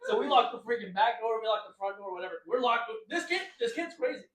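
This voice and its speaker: A young man co-hosting a podcast, telling stories casually and acting out the quotes loudly. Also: high-pitched, quick pace, hardly any pauses, far from the mic. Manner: animated, acts out quotes loudly. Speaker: podcast co-host. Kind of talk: casual storytelling chat. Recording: echoey room, voice a bit off-mic.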